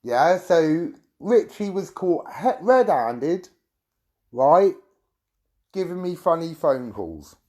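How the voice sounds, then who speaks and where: A man's voice: fairly high pitch, very animated, mellow. A middle-aged man from the UK, ranting angrily to his viewers and rambling and swearing as he tells his story. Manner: agitated, rambling, swearing, quick asides to viewers. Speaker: YouTube streamer. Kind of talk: angry monologue to viewers.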